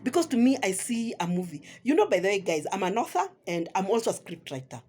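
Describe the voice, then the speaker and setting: Faint music plays behind this Kenyan-accented woman vlogger as she rants at her rivals, scolding and sarcastic, with frequent "eh?"s. She talks fast in a mid-range, darkish, breathy voice that swings widely in pitch.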